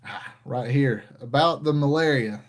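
A man's voice: medium pitch, unhurried. A man hosting a casual rant, talking in an exasperated, conversational way. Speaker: podcast host.

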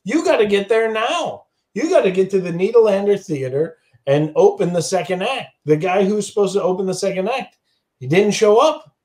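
A man's voice: high voice, expressive, moderate pace, darkish tone, pitched above the performer's own voice. A man doing a pushy male talent agent, his voice pushed well above his own. He sounds urgent and insistent throughout. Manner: urgent and persuasive.

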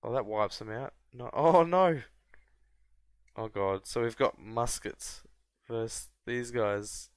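A man from Australia, casually commentating a strategy game and often breaking into high excited yelps and laughs. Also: measured pace, smooth, no room sound, clean studio sound. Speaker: gameplay commentator. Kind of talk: casual let's-play commentary.

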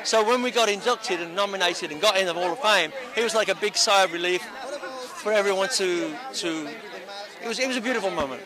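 High-voiced older man amid a crowd. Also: fairly quick, rough recording. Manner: rambling, earnest, many restarts. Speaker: interviewee, honoree. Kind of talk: red carpet interview. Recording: busy crowd around outdoor event.

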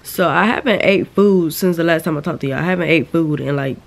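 Sick young woman vlogger, gravelly voice. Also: low-pitched, brisk. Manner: candid, rambling, addresses viewers as y'all. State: sick, sore throat. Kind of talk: casual vlog update. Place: at home, lying down.

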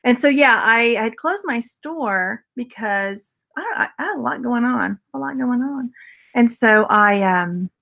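A woman's voice: on the high side, lively intonation, unhurried, creaky, a bit bright. A woman casually chatting through a jewelry unboxing haul as a reseller vlogger, rambling, laughing often and answering viewer comments. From Texas.

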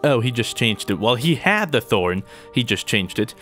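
Animated young man joking through gameplay. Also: mid-range voice, moderate pace, faint music behind. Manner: jokey, animated, talks to opponents and himself. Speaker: gaming YouTuber. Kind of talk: gameplay commentary.

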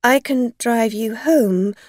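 A woman's voice: a little high, slow, a little mellow, dry recording, studio quality, voice pushed up. A woman voicing a frightened, tipsy woman driver who stammers and pleads. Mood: pleading.

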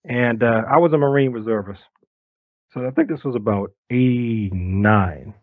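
Man telling lively stories, dry sound. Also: mid-range voice, normal speed, no room sound, phone-quality sound. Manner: lively storyteller who acts out quoted voices. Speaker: guest. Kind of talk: casual storytelling interview.

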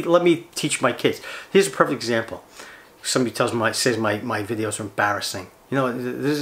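A middle-aged American man hosting a fishing channel, delivering a heated, indignant rant full of rhetorical questions. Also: a bit bright. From United States. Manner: fired-up, indignant, swinging pitch, rhetorical questions. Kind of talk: heated ranting monologue.

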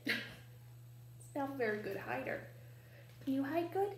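Woman librarian, children's storytime, playful, slow unhurried pace, echoey library room. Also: high-pitched, vocal fry, a little hiss or hum. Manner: playful, animated, asks children questions. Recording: echoey room, faint ambience.

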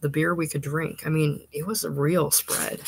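A woman's voice: deep voice, steady tone, moderate pace, creaky, husky, dry recording, exaggerated voice. A woman reading the part of a young working-class man, a complacent fiancé who talks in casual slang. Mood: easygoing.

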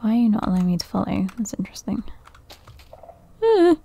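A woman's voice: medium pitch, very animated, fairly quick, gravelly, mellow, slightly rough, dry recording. A woman giving casual let's-play commentary, thinking aloud nervously, often laughing and dropping to a whisper. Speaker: gaming video creator.

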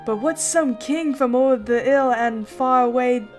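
Speaking unhurriedly in a high voice, a woman performs a game character: a blunt, upbeat male shipwright foreman with a put-on broad Northern English accent. Her manner is hearty, rough and full of dialect, and faint music can be heard behind her.

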